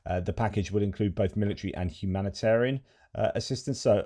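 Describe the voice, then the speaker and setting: A man's voice: on the low side, fast talker, warm tone. A man giving casual video commentary as a military news commentator, chatty and digressive with frequent fillers.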